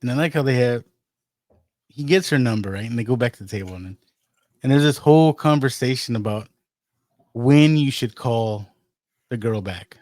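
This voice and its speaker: A man's voice: mid-range voice, moderate pace, pauses often, darkish tone, no room sound. A man co-hosting a casual movie podcast, retelling scenes by acting out the characters' lines, with plenty of swearing. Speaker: podcast co-host.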